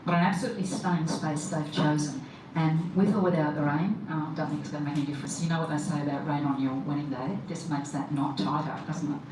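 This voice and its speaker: A woman's voice: low voice, steady tone, fast, few pauses. A woman, a wedding celebrant speaking to the guests in a chatty, upbeat way. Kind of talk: officiating a wedding ceremony. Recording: echoey, distant, noisy.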